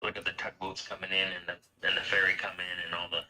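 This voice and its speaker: A man's voice: deep voice, level tone, fast, bright, forceful tone, slight background noise, rough recording. Rambling, swearing Canadian man ranting. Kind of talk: casual chat.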